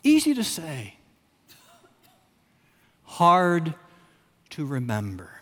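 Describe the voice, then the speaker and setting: A man preaches in a big hall with a long tail of reverb, his pitch on the higher side and leaping widely. He repeats lines for effect, pauses long, and drops from loud stresses to near hushes. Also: huge pitch swings. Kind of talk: sermon.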